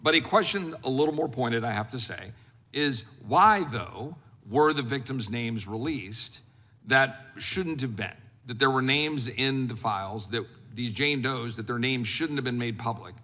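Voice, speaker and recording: Bright-voiced congressman asking pointed questions. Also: mid-range voice, expressive, long reverb tail. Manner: measured, deliberate, pointed questions. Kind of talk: hearing questioning. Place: congressional hearing room.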